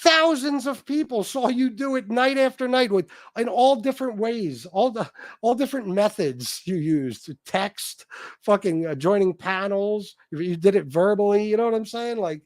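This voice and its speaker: A man's voice: sits high, normal speed, darkish tone, no room sound, clean studio sound. A man hosting a livestream, ranting in heated, profane, repetitive commentary. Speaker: livestream host.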